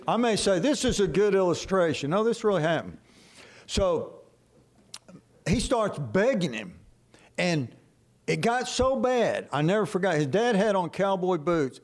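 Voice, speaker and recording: An older man preaching a sermon as a pastor, telling stories in a folksy, animated way. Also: a little high.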